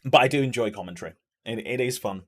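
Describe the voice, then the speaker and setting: A young man streaming a football match, calling the play-by-play and chatting with viewers in between. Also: fast. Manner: excitable play-by-play that surges in pitch at attacks, chatty asides to chat. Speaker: streamer and amateur match commentator. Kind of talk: live watch-along commentary mixed with reading chat.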